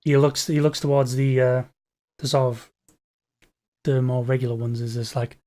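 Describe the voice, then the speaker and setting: A man's voice: medium pitch, steady tone, dark tone. A man narrating as game master of a tabletop game, hesitant, with frequent fillers and restarts. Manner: halting, filler-heavy, restarts sentences.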